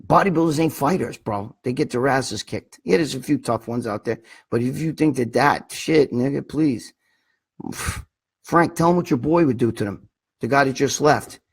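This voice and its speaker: A middle-aged New Yorker hosts a casual livestream chat in a husky, slightly raspy voice pitched at a typical middle level for a man. Speaking at a moderate pace, he rambles bluntly and profanely, looping back to his points amid lots of filler and swearing.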